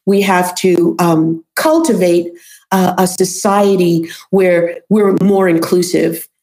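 A woman's voice: on the low side, takes it slowly, dark tone. A woman with a New York accent, a voice and accent coach and author, talking passionately as an interview guest and repeating points for emphasis. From New York City. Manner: emphatic, repeats herself for stress.

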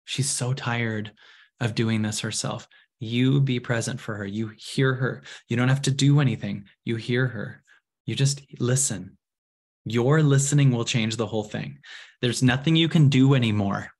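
A middle-aged man giving a guided reflection talk, speaking softly and slowly, with long pauses. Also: mid-range voice. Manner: soft, slow and intimate, with long pauses. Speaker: spiritual teacher answering a viewer question.

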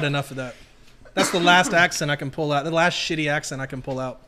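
A man hosting a casual podcast, loose and joking with constant swearing. His voice sits a bit high and relaxed. He talks like he is hanging out with a friend. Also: fast talker, a little hiss or hum. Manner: laid-back, heavy swearing, joking. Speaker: podcast host.

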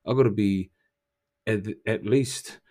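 Blunt, profane young man with a low voice. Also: slow, dark tone. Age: young adult. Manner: blunt, profane, confrontational pep talk. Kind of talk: casual motivational monologue.

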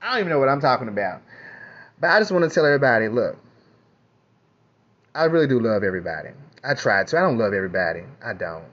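A man's voice: medium pitch, sing-song, quick pace, long pauses, a bit bright. Rambling profane man, muffled. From Kentucky, USA. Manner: candid, profane, rambling storyteller. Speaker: vlogger. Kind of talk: casual rambling monologue. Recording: muffled lo-fi audio.

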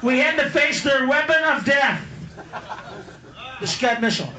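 A man's voice: very high voice, expressive, measured pace, slight background noise. A man doing a stand-up comedy routine on a club stage, ranting profanely with sudden screaming bursts. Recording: live club recording, echoey, loud crowd. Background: crowd laughter and applause.

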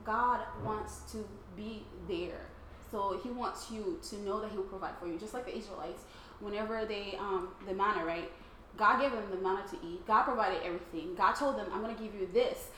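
A woman sharing a personal faith testimony with a small group in a casual, excitable way, often laughing and acting out her own thoughts. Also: mid-range voice, moderate pace. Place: room with other people, casual group. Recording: roomy, faint background noise.

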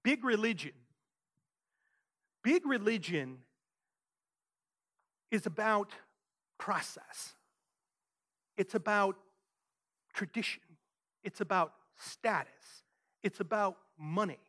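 Male pastor, animated sermon delivery, lively pitch swings. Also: slow pace, pauses often. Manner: emphatic, rhetorical questions, frequent "right?".

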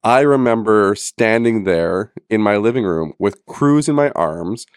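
A man's voice: lowish voice, animated, a little slow, smooth, no room sound, studio quality. A middle-aged man from Canada hosting a podcast, chatting casually, teasing and laughing often. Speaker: podcast host. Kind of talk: casual chat.

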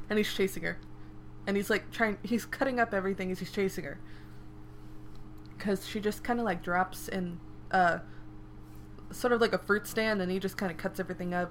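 A woman's voice: medium pitch, steady tone, brisk, long pauses. Playful young woman, faint background hiss. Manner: playful, laughs often, shouts out character lines. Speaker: podcast co-host. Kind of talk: casual chat recapping a manga.

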